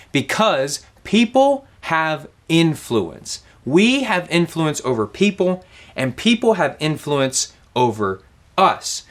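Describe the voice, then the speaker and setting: A young man teaching a children's ministry object lesson, telling stories to kids in a lively way. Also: on the high side.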